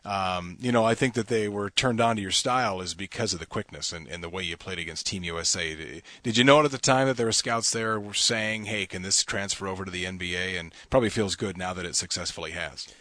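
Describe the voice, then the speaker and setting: A man's voice: sits low, fairly even intonation, quick pace, few pauses, bright, forceful tone, no echo. A man hosting a sports talk show, upbeat as he reads out viewer emails.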